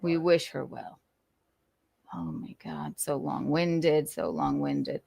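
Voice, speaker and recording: A woman's voice: low-pitched, fairly even intonation, takes it slowly, vocal fry, mellow, a little hiss or hum. A woman hosting her talk show, speaking in a profane, defensive and emphatic way. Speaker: show host. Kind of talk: casual talk-show commentary.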